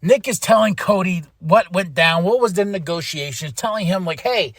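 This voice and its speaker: A podcast host with a fairly high male voice talks through a wrestling show recap at normal speed in an easygoing way. He laughs a lot and performs the wrestlers' dialogue with energy, recorded dry and up close with no room sound.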